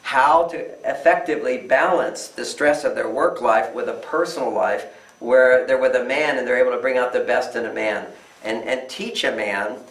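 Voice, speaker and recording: An older man talks with firm emphasis, answering questions as a relationship author. His voice is gravelly. He sounds far from the mic in an echoey room. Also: mid-range voice, normal speed. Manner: emphatic, acts out quoted voices. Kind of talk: interview answers.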